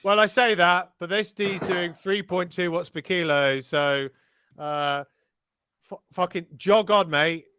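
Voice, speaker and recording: Excitable sweary man commentating. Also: high voice, slow pace, clean tone. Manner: excitable, sweary, rambling with fillers. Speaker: race commentator. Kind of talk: casual live race commentary.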